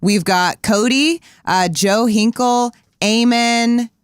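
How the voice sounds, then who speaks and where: A wry co-host on a casual livestream, trading deadpan jokes and shout-outs. The voice sits at a middle pitch. It is recorded close and dry. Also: slow, smooth, no room sound.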